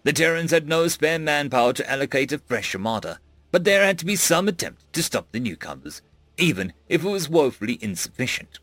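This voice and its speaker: A man narrating a sci-fi audiobook with expressive storytelling. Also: fairly high pitch, brisk, no echo.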